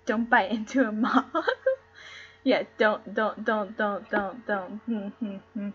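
A woman's voice: medium pitch, steady tone, slow pace, slightly rough, soft background music. A woman who streams herself reading a play aloud and chatting casually. She is giggly and rambling, and she stumbles over names. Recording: dull lo-fi stream audio.

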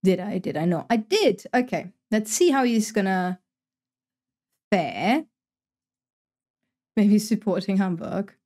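A young woman with a Dutch accent, from the Netherlands, chats casually while streaming a game, reading out her chat and replying with wry asides. She talks slowly and pauses often, in an animated, mellow, medium-pitched voice.

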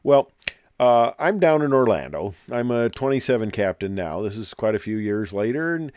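A man's voice: on the low side, sing-song, normal speed, a little mellow, no echo. Wry older man telling an anecdote. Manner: wry, joking, rambling with fillers. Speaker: retired airline captain. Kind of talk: anecdotal storytelling presentation.

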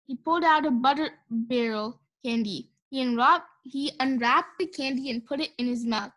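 A woman reading a children's storybook aloud in a clear, measured way. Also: sits high, fairly bright tone. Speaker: audiobook reader.

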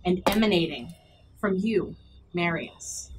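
A woman narrating a tabletop horror game as game master, descriptive and halting, with frequent restarts. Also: lowish voice, expressive, noisy background.

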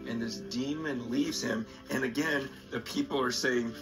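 A man preaching in a recorded sermon video, emphatic and passionate, his pitch swinging up and down. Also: measured pace, low-quality recording. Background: music.

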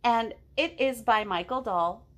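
Gentle, encouraging woman reading to kids. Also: fairly high pitch, measured pace. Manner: gentle, encouraging, asks children questions. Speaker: children's librarian leading storytime. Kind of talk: reading a picture book aloud to young children.

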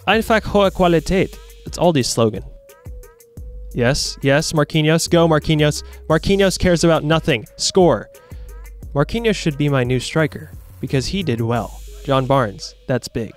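Excitable young man commentating his game. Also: on the high side, measured pace, faint music behind. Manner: excitable, reacts loudly to plays. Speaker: gaming YouTuber. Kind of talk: casual gameplay commentary.

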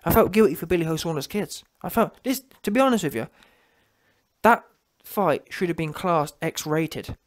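A man's voice: on the high side, animated, moderate pace. A young man ranting mockingly as a channel host, slipping into a whiny voice to mimic people. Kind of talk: ranting commentary.

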